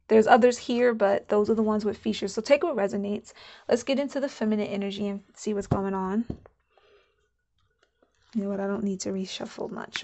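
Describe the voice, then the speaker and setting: A woman giving a casual channeled spiritual card reading, musing aloud and repeating herself. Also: medium pitch. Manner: chatty, musing, repeats herself, laughs now and then.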